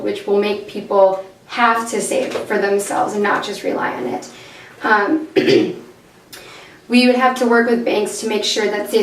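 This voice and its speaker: A young woman presents to her class in a mid-pitched voice that is going a little hoarse. She talks steadily with some fillers. She is recorded from across an echoey room with a light hum of background noise. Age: young adult. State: losing her voice. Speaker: student presenter. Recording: echoey room, far from the mic, faint noise.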